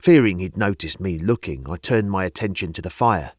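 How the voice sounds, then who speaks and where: Male audiobook narrator, low voice, lively intonation, dry close mic. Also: dry recording. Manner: measured storytelling, lively intonation.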